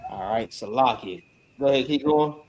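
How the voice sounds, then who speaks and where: A man's voice: mid-range voice, normal speed, a little mellow, slight background noise. A man leading an informal scripture lesson, talking emphatically in slang and repeating "all right.". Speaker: Bible study teacher.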